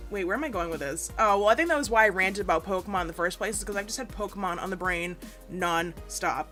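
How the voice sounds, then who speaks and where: A young woman chatting casually over a game speed build, rambling and self-deprecating, with sudden playful asides. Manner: rambling, self-deprecating, bursts into squeaky silly voices. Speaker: gaming YouTuber. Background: soft background music.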